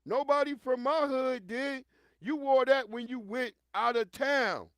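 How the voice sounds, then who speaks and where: A man hosts a livestream, riffing bluntly and animatedly with plenty of profanity. His voice runs fairly high. The sound is dry and close, with no room around it. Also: a little slow, fairly bright tone, dry recording. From New York. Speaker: livestream host. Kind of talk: casual commentary.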